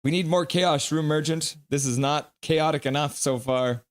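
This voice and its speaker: A man's voice: fairly high pitch, normal speed. A man hosting a live stream, playfully reading viewer comments aloud and answering them. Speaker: livestream host.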